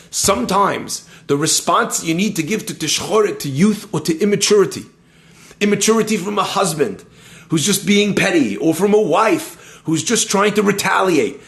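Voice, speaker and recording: Guy giving a torah class, super expressive, pitch jumps all over, kinda gravelly. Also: moderate pace. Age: adult, schooled in yeshiva. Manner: animated storyteller, uses Hebrew terms. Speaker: Torah teacher. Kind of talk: lively Torah lesson with stories.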